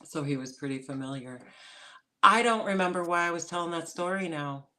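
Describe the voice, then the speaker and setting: A woman's voice: lowish voice, brisk, sharp tone. A woman from northern Minnesota, co-hosting a casual podcast, chatty and laughing often as she tells a story. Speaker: podcast co-host.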